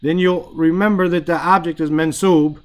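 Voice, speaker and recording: A man with a fairly high voice teaches an online Quran grammar class in Arabic grammar, speaking through a headset or computer mic. His English explanations are casual and evenly intoned at a moderate pace, and he repeats short Arabic phrases while often asking his students "right?".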